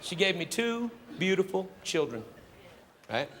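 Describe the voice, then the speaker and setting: A middle-aged man doing stand-up comedy, animated and dropping Spanish phrases into English, swinging from shouts to a hush. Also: high-pitched, moderate pace. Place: comedy stage before live audience. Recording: live club, crowd laughter and noise.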